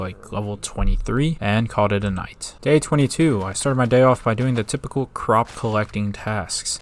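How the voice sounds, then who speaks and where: A man narrating a survival game run in a casual recap voice, breaking into excited live reactions. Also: lowish voice. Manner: upbeat recap narration broken by excited outbursts. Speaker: gaming video creator.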